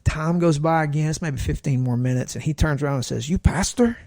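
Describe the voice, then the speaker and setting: Man, 40s, pastor, gravelly voice, dry close sound, animated storyteller. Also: a little high, fast talker, dry recording. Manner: lively storyteller who acts out the voices in his stories. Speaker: pastor, podcast guest. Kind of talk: casual storytelling chat.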